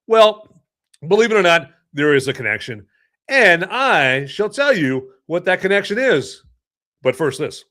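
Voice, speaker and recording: Guy rambling on his podcast, kinda high voice, jokey and animated storyteller. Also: unhurried. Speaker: podcast host and movie reviewer. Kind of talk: casual podcast monologue.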